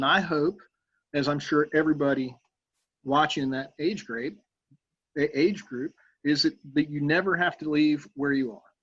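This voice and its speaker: A man's voice: on the high side, fairly bright tone, dry recording, dull audio. A middle-aged man making an earnest, persuasive public comment at a town council meeting, talking conversationally with fillers.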